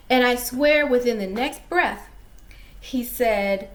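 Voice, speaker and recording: A woman's voice: medium pitch, expressive, normal speed, roomy sound. A woman author telling a casual story-time vlog, chatty and addressing viewers directly.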